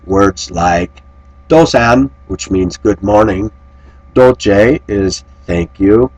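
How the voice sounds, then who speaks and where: A man's voice: deep voice, husky, rough recording. An American man vlogging, telling rambling anecdotes in a casual, conversational way. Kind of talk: casual storytelling to camera.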